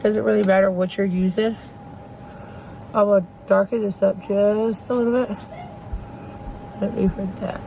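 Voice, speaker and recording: A woman's voice: mid-range voice, little pitch movement, normal speed, gravelly, pauses often, mellow, a little hiss or hum, rough recording. A woman, chatting casually to viewers as she does her makeup at home. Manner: chatty, talks straight to viewers while doing makeup. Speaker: makeup vlogger. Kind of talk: casual get-ready-with-me chat. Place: home, children around.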